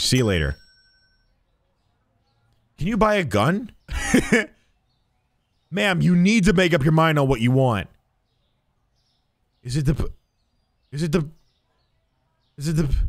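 A man's voice: mid-range voice, dry recording. A man streaming a game live, talking to the characters as a shopkeeper in a jokey, swearing way. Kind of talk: live gameplay commentary.

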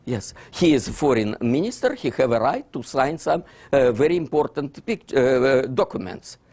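A husky-voiced man with a Russian accent delivers a lecture, his pitch swinging widely as he acts out exchanges. He speaks English as a second language, dropping articles, and keeps checking in with his listeners. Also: expressive, normal speed, darkish tone. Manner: non-native grammar, drops articles; acts out dialogues between historical figures. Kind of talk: animated lecture.

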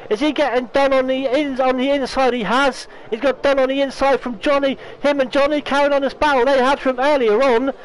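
A man commentating a sim racing league, excitable, correcting himself often, and losing his voice. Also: high-pitched, a little hiss or hum, rough recording. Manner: excitable, talks fast with restarts and self-corrections. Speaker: race commentator.

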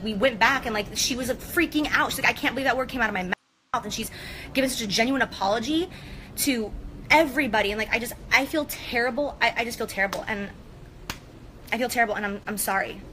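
A woman's voice: a little high, bright, forceful tone, slight background noise. Flustered woman apologizing outdoors. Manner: rambling and flustered, repeats herself often. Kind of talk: emotional apology video.

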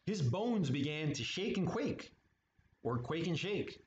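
Lively man reading a kids' story. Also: a little high, a little slow. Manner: playful, chatty asides, lively. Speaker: storytime reader at art studio. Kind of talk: children's read-aloud with asides. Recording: echoey room, muffled, faint hiss.

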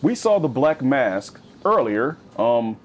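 A man giving casual, slangy let's-play commentary, swinging between high yelps and low growls. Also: slow pace, slight background noise. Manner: animated, slangy, swings into high-pitched bits and deep growls. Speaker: gaming YouTuber.

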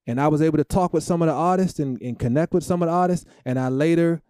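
A man preaching a sermon as pastor, emotional and emphatic, with dramatic pauses. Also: fairly high pitch, warm tone, no echo, studio quality.

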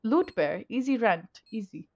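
Streaming a shooter through a gaming headset, a young woman keeps up loose, profanity-filled commentary and shrieks at missed kills. Her fairly high voice has a sing-song, unhurried, slightly mellow quality, and the recording's high frequencies are cut off.

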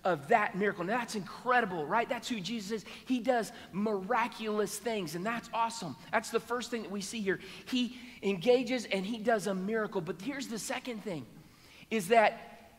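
Man, pastor, lively storytelling sermon, long hall echo. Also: high-pitched, normal speed. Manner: storytelling, acts out voices of Bible figures. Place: church sanctuary.

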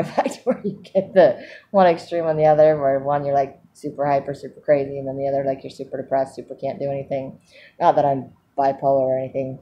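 A woman's voice: low-pitched, warm tone, a little hiss or hum. A woman talking candidly in a personal video diary, rambling and laughing often as she goes. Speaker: vlogger.

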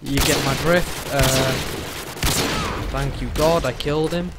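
A young man casually commentating his own gameplay, excitable and sweary, gasping and shouting at what happens on screen. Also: medium pitch, slow pace, gravelly, very noisy. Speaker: gaming commentator. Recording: loud gunfire behind the voice.

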